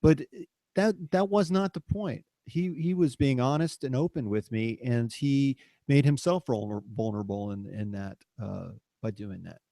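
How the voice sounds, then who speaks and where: A middle-aged man co-hosting a podcast, thinking aloud in halting, reflective phrases. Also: mid-range voice, vocal fry, mellow, no echo, studio quality. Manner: halting, restarts words while thinking aloud. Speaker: podcast co-host. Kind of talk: reflective casual chat.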